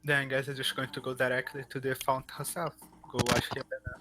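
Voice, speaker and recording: A man's voice: medium pitch, level tone, a little fast, very noisy. A man playing in a tabletop role-playing game, speaking casually and a little hesitantly. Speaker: tabletop player.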